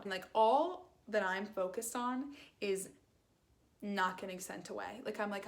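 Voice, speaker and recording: Young woman, casual storytime, rambling, filler-heavy, lively quoted bits. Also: mid-range voice, moderate pace. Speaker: vlogger.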